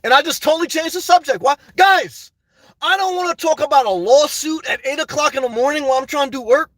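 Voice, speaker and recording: A man's voice: extremely high pitch, fast talker, a bit bright, no echo. A man venting and telling stories to his viewers in a rambling, casual monologue, often calling them "guys.". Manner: rambling, storytelling, frequent "guys" asides and laughs. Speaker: YouTuber.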